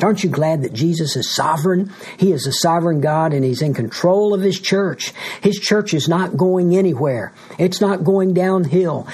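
Male pastor, husky and a touch high, earnest sermon delivery with repeated words. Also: darkish tone.

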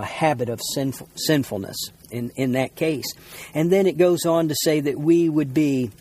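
A male pastor teaching a sermon, reading scripture aloud and explaining it with many pauses and repeated words. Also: fairly high pitch, darkish tone, breathy edge. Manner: unscripted teaching with frequent uh fillers and repeated words.

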